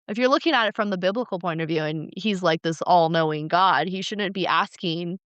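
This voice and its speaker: A woman co-hosting a podcast, casually retelling ancient myths with playful, animated flair. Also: fairly low pitch, fairly quick, few pauses, no echo, muffled recording. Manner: animated, acts out characters, playful. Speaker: podcast co-host. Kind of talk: casual storytelling chat.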